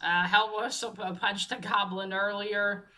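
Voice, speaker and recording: Bright-voiced woman rambling through a recap. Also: medium pitch, steady tone, normal speed. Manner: rambling, many fillers and restarts, swears when frustrated. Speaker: comic reviewer. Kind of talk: casual recap of a comic.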